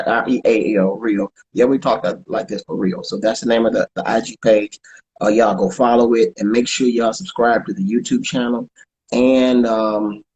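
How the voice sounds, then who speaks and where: Casting: man, comedian guest, halting conversational delivery, mid pitch. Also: a little mellow, rough recording. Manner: halting, repeats words, plugs his show. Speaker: comedian guest and podcast co-host. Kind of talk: casual interview chat.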